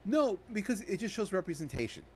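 A man's voice: high-pitched, big pitch swings, a little fast, husky. A man co-hosting a podcast, chatting casually about a film with lots of restarts and fillers. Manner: rambling, many restarts and fillers. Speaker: podcast co-host. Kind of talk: casual movie review chat.

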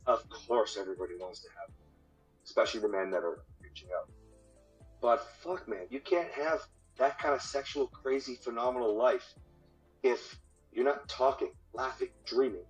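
A man guest in an interview, talking casually and with energy, swearing freely and repeating words, about marriage. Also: mid-range voice. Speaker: podcast guest, marriage coach. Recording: dull lo-fi audio with faint music.

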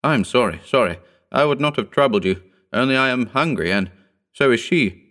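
A man's voice: fairly low pitch, expressive, normal speed, a bit bright. Man doing a faltering, hopeless castaway. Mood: pleading. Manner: faltering, pleading.

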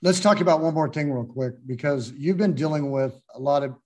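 A man hosts a podcast, leading the guest with relaxed, rambling questions. His voice sits a little higher than most men's. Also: a little fast. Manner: easygoing, loosely strung run-on questions. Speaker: podcast host. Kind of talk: casual interview questions.

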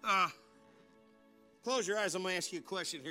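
A male pastor giving a folksy, animated sermon, often restarting his words. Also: on the high side, fairly quick, soft background music. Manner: folksy, animated and joking, with repeated word restarts.

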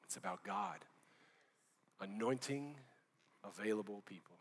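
A man's voice: on the low side, animated, measured pace, slightly rough, big-room sound. A man preaching a sermon as pastor, fervent and conversational, dropping casual slang as he talks.

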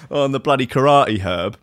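A man's voice: medium pitch, a bit bright, no echo, studio quality. A man hosting a comedy podcast who mocks a news story, swearing often and laughing at his own jokes.

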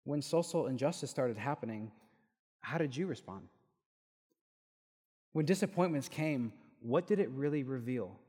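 A young man preaching a sermon, telling a personal story and lively when he quotes others. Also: medium pitch, moderate pace, pauses often, slightly rough. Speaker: pastor. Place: church hall. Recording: echoey hall with long reverb.

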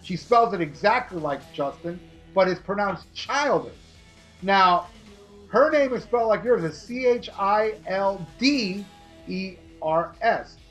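A man's voice: high-pitched, animated, measured pace, a bit bright, rough recording. A man hosting a casual music review podcast, rambling and joking with plenty of swearing. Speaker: podcast host.

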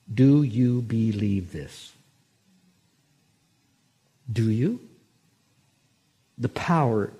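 A man pastor preaching a sermon, telling a story and slowing down to stress scripture. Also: mid-range voice, dark tone, husky. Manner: storytelling, slows and swells for emphasis on scripture.

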